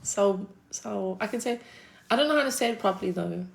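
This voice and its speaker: A woman's voice: medium pitch, brisk, vocal fry. A South African woman chatting casually on a livestream, answering her chat with a laid-back manner, frequent laughs and casual swearing.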